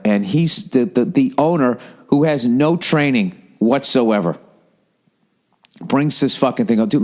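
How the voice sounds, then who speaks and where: A man telling a story in a profane, animated comedic rant as a podcast host. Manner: animated, profane, mimics people in high voices.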